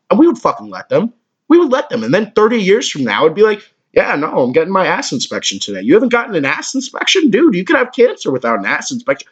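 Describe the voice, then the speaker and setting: A man in his twenties hosting a comedic podcast, with a crude, excitable way of talking and a lot of swearing. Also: high voice, husky, lo-fi sound. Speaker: podcast host.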